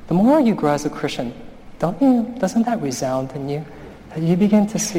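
A man's voice: fairly high pitch, sing-song, moderate pace, warm tone, slight background noise. A male pastor preaching a sermon in a conversational, storytelling manner. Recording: long hall reverb.

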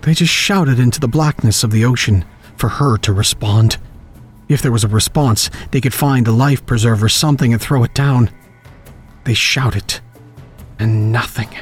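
A man narrating a horror story in a measured, grave storytelling manner. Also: mid-range voice, breathy edge, soft background music.

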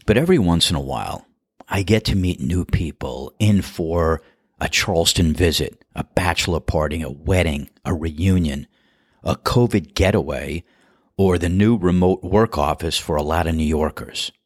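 A middle-aged man hosts a podcast and tells stories in a relaxed, chatty, amused way. His voice is very low. It is recorded on a close mic in a dry, dead space. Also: normal speed, breathy edge, no room sound. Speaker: podcast host and golf course starter. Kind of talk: storytelling monologue.

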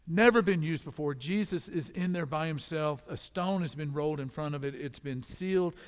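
Guy preaching a sermon, kinda high voice, big reverby hall, goes loud then real quiet. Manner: dynamic, swings between loud emphatic calls and quiet low storytelling.

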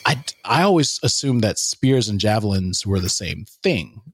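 A man's voice: lowish voice, expressive, moderate pace, breathy edge, no echo. A man co-hosting a podcast, retelling a Bible story in casual, slangy, jokey chat. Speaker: podcast co-host.

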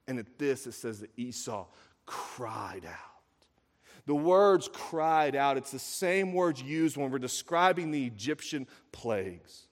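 A man preaching a sermon, retelling a story with lively acted quotes and building to emphatic peaks. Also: mid-range voice, unhurried. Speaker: pastor. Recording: long hall reverb.

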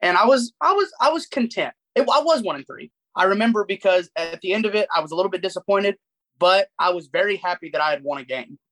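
A man's voice: sits high, lively intonation, quick pace, a bit bright, poor audio. A young man co-hosting a podcast, telling self-deprecating stories in a casual chat with lots of restarts. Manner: rambling, self-deprecating storytelling with frequent restarts. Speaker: podcast co-host.

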